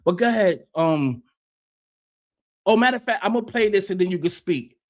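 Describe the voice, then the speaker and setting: A man's voice: sits high, expressive, normal speed. An American man hosting a livestream, ranting in a heated, profane, combative way and often repeating himself. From United States. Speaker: livestream host.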